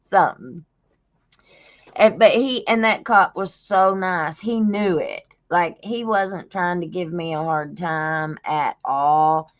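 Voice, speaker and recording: A woman's voice: lowish voice, slow pace, lo-fi sound. A woman, telling a story to her viewers in casual chat, folksy and drawling, laughing often. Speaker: livestream host.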